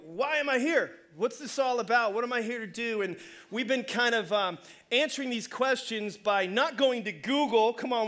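A man preaching a sermon as pastor, conversational and energetic, calling out to the congregation. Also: high voice. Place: church.

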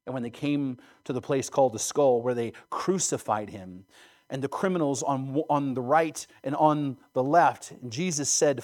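A man at a middle pitch reads scripture in a sermon. His reading is dramatic. He calls out loudly on the shouted lines and sinks to a hushed, solemn tone on the grave ones. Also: moderate pace. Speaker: preacher.

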